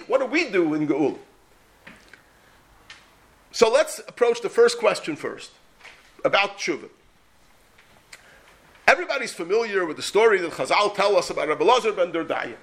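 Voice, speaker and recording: A man's voice: high voice, a bit bright. A man teaching a Torah class as a rabbi, emphatic and full of rhetorical questions, weaving Yiddish and Hebrew terms into his English. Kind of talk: Torah lecture.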